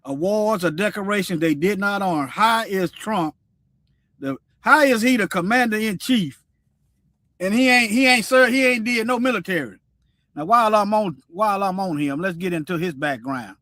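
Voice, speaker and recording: Brief: male stream host, preachy and repetitive, sharp high voice. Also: normal speed, dry recording. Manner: preachy, repeats himself, animated. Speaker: livestream host. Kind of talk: casual commentary livestream.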